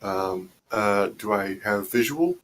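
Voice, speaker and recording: A man's voice: fairly low pitch, takes it slowly, fairly bright tone, a little hiss or hum. A man playing in a tabletop game, swearing freely and hesitating with fillers as he works out his moves. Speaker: player. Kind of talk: casual tabletop game play.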